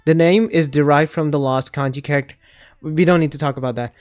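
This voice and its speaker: A young man giving casual opinion commentary on games, rambling and animated, often cutting himself off mid-sentence. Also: a little high, brisk. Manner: rambling, animated, self-interrupting. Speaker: gaming video creator.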